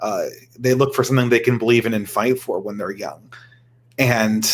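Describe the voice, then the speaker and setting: A man's voice: on the low side, fairly even intonation, normal speed. A man speaking as a guest in a casual panel discussion, thinking aloud in a conversational way.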